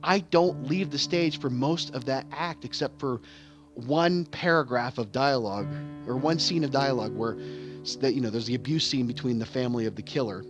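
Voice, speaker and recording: A man who acts on stage, talking candidly in a rambling way, often repeating words and restarting. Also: mid-range voice. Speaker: vlogger and stage actor. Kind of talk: candid casual monologue. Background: game music playing.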